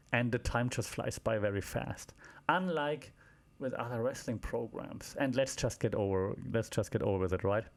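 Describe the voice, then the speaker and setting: A man's voice: medium pitch, a little mellow. A man hosting a wrestling podcast, recapping shows in a casual, rambling way with many fillers, restarts and wry asides.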